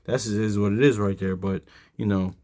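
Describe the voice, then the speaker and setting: A man's voice: fairly low pitch, steady tone, a little fast, darkish tone. A tired man giving a casual Bible study talk, rambling with lots of fillers and reading verses aloud. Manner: rambling, heavy fillers, reads scripture aloud. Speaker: Bible teacher.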